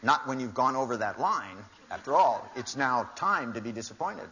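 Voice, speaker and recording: A man's voice: mid-range voice, expressive, normal speed, few pauses, bright, forceful tone. An older man giving a seminar talk to a live audience, telling wry anecdotes and acting out the dialogue with shifting voices. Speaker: seminar speaker. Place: large hall with audience. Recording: dull lo-fi live talk recording.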